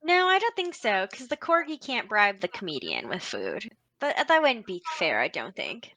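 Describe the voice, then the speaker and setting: Bright, chatty comedian woman. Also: fairly high pitch, wildly swooping pitch, normal speed, no echo. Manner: upbeat, chatty, lots of "like". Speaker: comedian guest. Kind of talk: casual chat on a video call.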